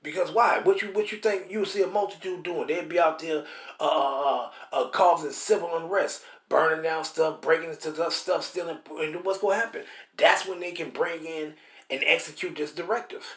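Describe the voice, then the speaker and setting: High-voiced man preaching emphatically. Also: moderate pace, a bit bright. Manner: emphatic and repetitive, keeps asking "See?"; stammers and restarts while hunting for words. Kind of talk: street-style scripture teaching. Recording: roomy echo.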